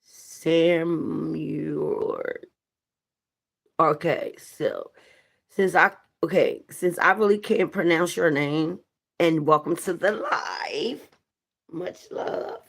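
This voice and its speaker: Slow-talking woman livestreaming. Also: low voice, fairly even intonation, creaky. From New Jersey. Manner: chatty, playful, greeting viewers by name. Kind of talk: casual live-stream chat.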